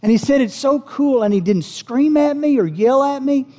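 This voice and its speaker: A man preaching, telling a personal story with acted-out dialogue and easing into soft prayer at a church service. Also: very high-pitched, expressive, normal speed. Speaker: pastor. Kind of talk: sermon testimony. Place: church service, also streamed online.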